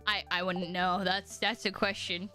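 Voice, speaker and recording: A woman's voice: fairly low pitch, level tone, unhurried, bright, forceful tone, soft background music. A young American woman streaming a game, chatting in a rambling, giggly, self-deprecating way. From United States. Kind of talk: casual chat with viewers while gaming.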